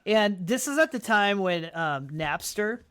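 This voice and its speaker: Podcast guest, male, higher voice, animated storyteller who acts out quotes. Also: measured pace, clean tone. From Colorado, United States. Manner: animated, acts out quotes with big pitch jumps. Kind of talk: casual storytelling interview.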